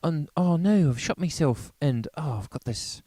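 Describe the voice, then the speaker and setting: A man's voice: on the high side, expressive, normal speed, mellow, no echo, pitched above the performer's own voice. A man voicing a rowdy adult male soap actor with a put-on New Zealand accent. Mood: manic.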